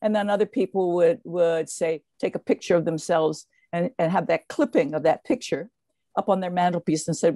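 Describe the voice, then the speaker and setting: An older woman, a guest in an interview, telling stories in a lively way with many fillers and restarts. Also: on the low side, moderate pace, dry recording. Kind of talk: casual interview storytelling.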